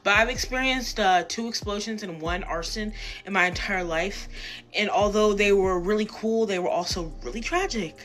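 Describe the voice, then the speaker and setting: A woman's voice: mid-range voice, moderate pace, fairly bright tone, faint music behind. A young woman telling a rambling, profanity-laced personal story in a casual, self-deprecating way, acting out what people said. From Tacoma, Washington area.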